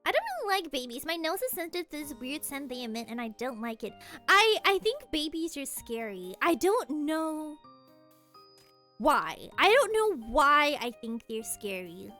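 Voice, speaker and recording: A woman's voice: sits high, sing-song, normal speed, pushed and bright, faint music behind. A young woman streamer in casual chat, giggly and rambling, often laughing at herself. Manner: giggly, rambling, self-deprecating.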